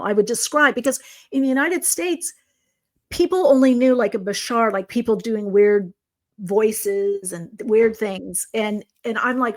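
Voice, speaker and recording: A middle-aged woman tells stories from her life as a psychic guest on a conversational show. She switches into the voices of people she quotes and often breaks off and restarts her sentences. Her voice sits at an ordinary middle pitch. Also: a little slow. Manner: animated, acts out quoted dialogue, frequent restarts. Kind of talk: casual storytelling. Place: video conversation.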